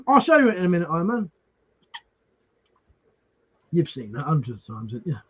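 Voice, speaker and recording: With huge swings in his slightly high pitch and a moderate pace, a man chats casually on a live stream, reading comments and naming viewers as he greets them. He swears freely and restarts words. The dull lo-fi audio carries a little hiss or hum.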